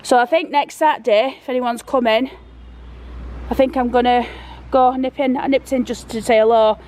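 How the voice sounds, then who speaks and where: A woman's voice: on the high side, fairly even intonation, moderate pace, a little mellow, slight background noise. A woman, chatting in a rambling, down-to-earth way and out of breath as she walks outdoors with a handheld phone. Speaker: vlogger. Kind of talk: casual walk-and-talk vlog. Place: outdoors, walking through town.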